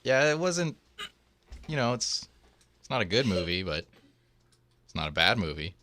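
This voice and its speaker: A man's voice: lowish voice, big pitch swings, normal speed, pushed and bright. A man hosting a casual movie-review podcast, loose and joking. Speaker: podcast host.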